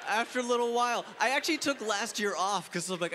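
A man doing stand-up comedy on a club stage into a handheld mic, telling stories in an exasperated, lively way. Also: high voice, fast. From Africa. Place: comedy club stage before a live audience. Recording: live club set with loud audience and noise.

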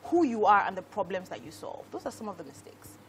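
A woman guest on a morning TV show giving branding advice, talking quickly and emphatically and often asking "right?". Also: mid-range voice, very animated, a little hiss or hum.

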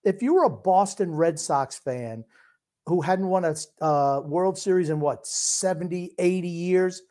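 A man's voice: high-pitched, animated, a little slow, darkish tone. An older man co-hosting a casual sports podcast, blunt and opinionated. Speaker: podcast co-host.

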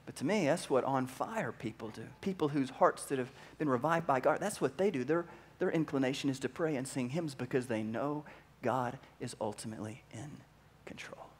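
A pastor preaching a sermon in an animated way, acting out voices and asking the audience questions. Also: male voice, medium pitch, normal speed, hardly any pauses.

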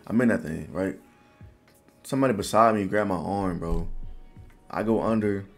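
Gravelly-voiced young man telling a story. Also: deep voice, normal speed, faint music behind. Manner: animated, loose slangy talk full of "bro". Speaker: vlogger. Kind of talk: casual storytelling.

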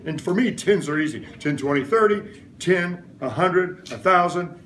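A middle-aged man leads a classroom science lesson, firing playful questions at the class and waiting for them to answer back. His voice sits high for a man. Steady classroom noise hums behind him. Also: normal speed, roomy sound, recorded from a distance. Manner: call-and-response questioning, playful. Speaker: science teacher. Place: elementary school classroom.

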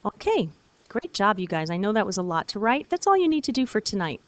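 A woman French teacher giving a recorded video lesson, patient and encouraging, repeating words slowly for her students. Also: mid-range voice, sing-song, dry recording.

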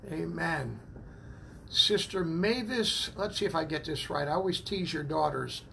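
Slow gravelly man greeting viewers. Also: a little high, lively intonation, bright, forceful tone, a little hiss or hum. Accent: New England. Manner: slow, repeats praise the Lord and amen between names. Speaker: church minister greeting online viewers. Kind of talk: casual livestream greeting. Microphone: phone propped up.

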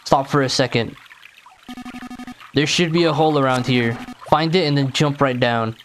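A man's voice: medium pitch, moderate pace, faint music behind, close to an everyday voice. A man reading as a bossy old cave guide. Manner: plain reading of game dialogue. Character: talkative older man guiding through a cave.

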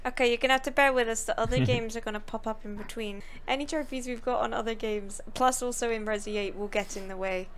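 A woman's voice: fairly high pitch, fairly even intonation, fast, hardly any pauses. A woman streamer improvising a playful story over game screenshots, laughing often. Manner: giggly, playful, rambling. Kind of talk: improvised storytelling, casual chat.

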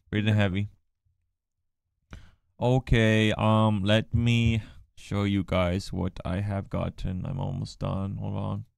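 A man's voice: fairly low pitch, flat delivery, takes it slowly, vocal fry, darkish tone, no room sound. A man streaming live, chatting casually and trading teasing jokes with his viewers. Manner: joking, teasing banter. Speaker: livestreamer. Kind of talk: casual livestream chat.

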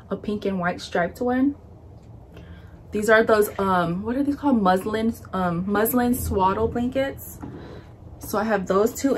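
A young woman vlogger talks through a haul at an unhurried pace, her words loose and chatty with plenty of fillers. She sounds a little out of breath, and a faint hum of room noise sits behind her. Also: medium pitch. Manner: chatty, lots of "like" and "um", shows items to camera. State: a bit out of breath. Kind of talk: casual haul video chat.

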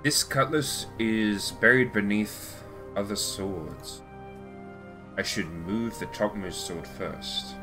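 A man's voice: lowish voice, takes it slowly, over music. A man casually commenting while playing a video game, reading notes aloud and laughing. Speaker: gaming channel host. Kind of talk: casual let's play commentary.

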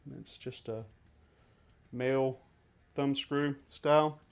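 A man's voice: mid-range voice, steady tone, slow pace, gravelly, smooth, soft background music. A man reviewing gear in a casual hands-on demonstration, chatting and thinking aloud as he handles each part.

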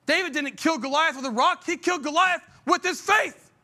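A middle-aged man preaching with a very high, bright voice. He drives his points hard with blunt, folksy phrasing and rhetorical questions to the congregation. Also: fairly quick. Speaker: pastor. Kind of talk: sermon.

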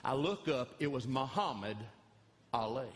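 A man, a comedian and pastor who tells animated, folksy stories and repeats phrases for effect. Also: mid-range voice, unhurried. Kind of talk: stand-up comedy storytelling. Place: large church hall before an audience. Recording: reverberant hall, live audience.

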